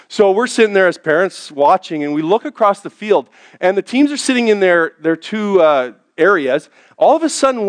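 Middle-aged pastor, sermon delivery, storytelling, slightly raised pitch. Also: male voice. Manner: storytelling, drops to a hushed low voice for quoted thoughts.

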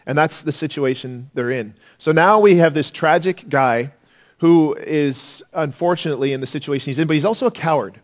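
A man preaching a sermon as pastor, earnest and dynamic, swinging from loud emphasis to hushed intensity. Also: on the high side, normal speed.

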